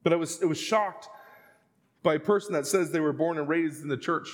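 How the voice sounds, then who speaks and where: A man in his thirties preaching a sermon, telling stories and acting out the voices, sometimes rising to a shout. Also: fairly high pitch, fairly quick. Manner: storytelling, acts out quoted voices, rising to shouts. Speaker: pastor. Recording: long hall reverb.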